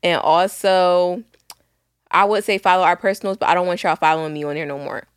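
A young woman with a Philadelphia accent, co-hosting a podcast in blunt, laughing, animated casual chat. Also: on the low side, brisk, clean tone, no room sound, studio quality. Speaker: podcast co-host.

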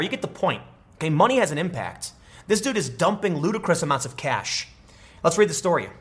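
With a slightly high voice, a man rattles off opinionated political takes, animated and sarcastic, frequently restarting as he speaks quickly.

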